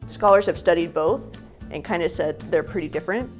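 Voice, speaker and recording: A woman's voice: on the low side, brisk, faint music behind. A woman expert explaining in an interview how dialects differ. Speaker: language expert. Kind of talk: interview answers.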